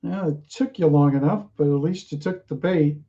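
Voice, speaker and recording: A man's voice: fairly high pitch, normal speed, warm tone, dull audio, close to an everyday voice. A man voicing a sly mysterious stranger who taunts the hero in a tabletop game. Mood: taunting. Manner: taunting, mocking. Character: sly mysterious stranger speaking through another's body.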